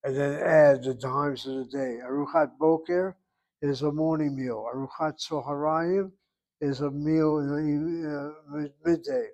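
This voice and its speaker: A man's voice: a little high, steady tone, measured pace, darkish tone. A man teaching a Hebrew class, explaining grammar step by step and calling on students by name. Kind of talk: online class instruction.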